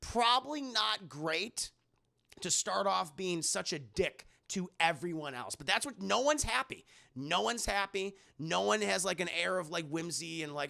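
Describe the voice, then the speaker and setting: A man's voice: high-pitched, expressive, a little slow, creaky, pushed and bright. A young man talking loosely through a film review for his live chat, rambling and swearing, and sometimes mocking lines from the film in put-on voices. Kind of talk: casual spoken film review.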